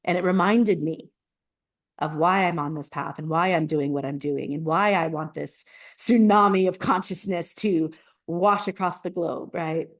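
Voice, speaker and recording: A woman's voice: fairly low pitch, a little slow. A woman co-hosting a podcast, talking in a casual, earnest way and laughing often as she shares personal stories. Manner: animated storyteller, laughs often, earnest and emotional. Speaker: podcast co-host. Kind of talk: casual conversational podcast chat.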